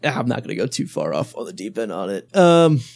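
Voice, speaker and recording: A man's voice: lowish voice, big pitch swings, a little fast, vocal fry, a little mellow, no echo. Blunt ranting male podcast co-host. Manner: blunt, ranting, laughs often. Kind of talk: casual podcast chat.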